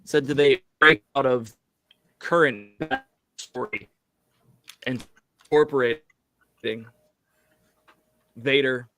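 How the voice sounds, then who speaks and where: A man's voice: mid-range voice, fairly even intonation, takes it slowly, pauses often, sharp tone, slight background noise. A man co-hosting a podcast in casual chat, opinionated and stammering as he starts his thoughts. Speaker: podcast co-host.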